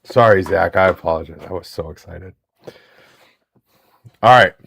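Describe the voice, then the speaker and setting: A man in his thirties hosting a live card break stream, chatting excitedly with viewers in the chat. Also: low-pitched, moderate pace, creaky, a little hiss or hum.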